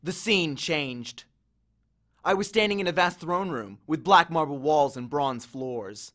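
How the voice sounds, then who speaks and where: A man narrating a novel in the first person in a measured, expressive storytelling manner. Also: on the high side. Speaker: audiobook reader.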